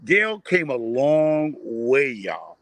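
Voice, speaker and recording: Man, bright voice, dry sound, animated, repeats himself. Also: medium pitch, drawn-out words, dry recording. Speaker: panel guest. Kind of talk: casual panel chat.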